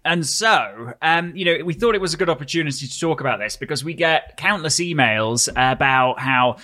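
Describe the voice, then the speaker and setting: A man co-hosting a podcast, chiming in with short agreements and speaking in a steady, easy tone. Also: fairly high pitch, moderate pace. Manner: brief agreeing interjections, steady host tone. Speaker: podcast co-host. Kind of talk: casual chat.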